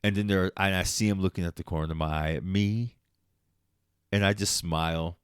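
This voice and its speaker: A man with a very deep voice on a late-night solo podcast, ranting with a lot of swearing and laughing at himself as he goes. The sound is close and dry, with no room around it. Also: fairly even intonation, moderate pace, clear, resonant tone, no echo. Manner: profane, heated, laughs at himself. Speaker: podcast host.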